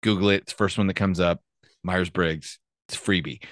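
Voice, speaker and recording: A man's voice: low-pitched, steady tone, fairly quick, no echo, clean studio sound. A man hosting a podcast, talking in loose, profane casual chat and laughing often. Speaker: podcast host.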